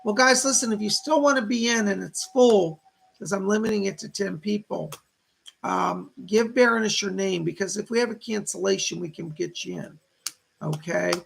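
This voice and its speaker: Chatty psychic guy on a livestream, super gravelly and husky, greets folks in the chat. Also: high-pitched, moderate pace.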